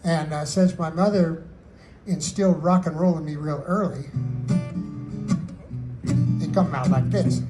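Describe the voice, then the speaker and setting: A man's voice: a little high, measured pace, long pauses, over music, rough recording. An older man, a singer-songwriter, telling rambling, folksy stories about his songs at a book store event. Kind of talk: storytelling with live songs.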